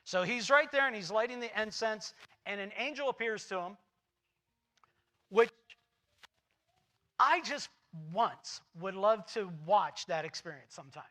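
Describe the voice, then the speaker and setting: A man preaching a sermon as a church pastor, telling a Bible story with animated, acted-out paraphrases of the characters. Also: high voice, measured pace, pauses often. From United States. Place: church sanctuary.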